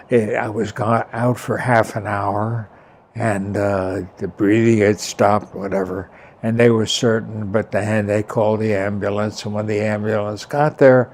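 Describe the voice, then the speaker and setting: A man recounting his own near-death experience in a halting, rambling way, with chuckles and a louder voice when he quotes himself. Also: fairly low pitch, creaky, slight background noise. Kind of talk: personal storytelling.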